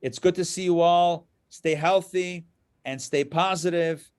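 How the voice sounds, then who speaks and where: Man, rabbi, conversational lecturer, slightly high voice. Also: steady tone, unhurried, darkish tone, smooth. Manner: conversational, checks in with listeners. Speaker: rabbi teaching a class. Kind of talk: live lecture with storytelling.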